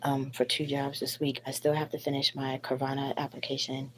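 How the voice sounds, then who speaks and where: Low-voiced woman, sick with flu, blunt, profane, rambling phone live stream from home. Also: monotone, a little fast, background noise. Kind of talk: casual live stream venting. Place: at home at night.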